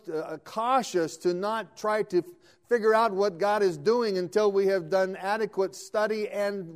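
Man, high voice, sermon, earnest preacher, verse-by-verse reading, self-correcting. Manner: earnest, calling out scripture verse by verse with emphatic "O Lord"; restarts and corrects words as he goes.

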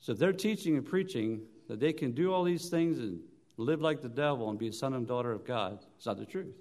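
A man preaching a sermon in church, telling stories with halting restarts, rising loud on his points and then dropping soft. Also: medium pitch, expressive. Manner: halting restarts and repeated words.

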